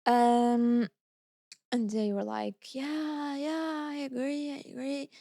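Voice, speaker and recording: A woman from Portugal with a Portuguese accent, chatting casually as a podcast co-host. Her voice sits a little high, and she tells stories with life, acting out the voices of the people she quotes. The sound is dry and close. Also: slow pace, vocal fry, dry recording. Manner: lively storyteller, acts out quoted voices. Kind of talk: casual chat.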